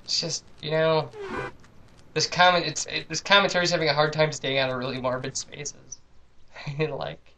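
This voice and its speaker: A man's voice: on the high side, little pitch movement, normal speed, pushed and bright, a little hiss or hum, low-quality recording. A man casually commentating a video game, rambling and joking at his own expense. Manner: rambling, self-deprecating, chatty asides. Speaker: let's play commentator. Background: game music.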